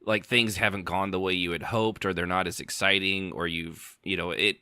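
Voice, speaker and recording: A man's voice: low-pitched, steady tone, moderate pace, bright, forceful tone, smooth, no echo, studio quality. A man hosting a casual gaming podcast, rambling with many restarts and fillers. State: hiccups. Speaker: podcast host. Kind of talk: casual chat.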